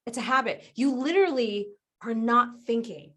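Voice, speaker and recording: A woman guest on a podcast interview, explaining ideas in an animated way, often laughing and acting out other people's voices. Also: fairly high pitch, moderate pace. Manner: animated, acts out quoted voices. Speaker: guest business strategist.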